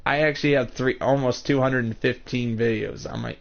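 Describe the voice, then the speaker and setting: Male streamer, casual halting chat, muffled budget mic. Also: mid-range voice, fairly even intonation, gravelly. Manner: halting, rambling, defensive. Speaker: livestreamer. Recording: dull lo-fi mic.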